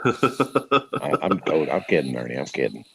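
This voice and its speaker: A man's voice: rumbling low, big pitch swings, measured pace, creaky, a bit bright, breathy edge, no room sound. A man on a casual group chat, trading blunt jokes and banter.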